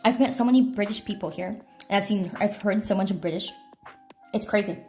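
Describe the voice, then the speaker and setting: A woman's voice: mid-range voice, brisk, warm tone, soft background music. A young American woman from California chatting casually on a phone livestream while tasting snacks, with offhand swearing. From California, USA. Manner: chatty, talks to chat between bites, swears casually.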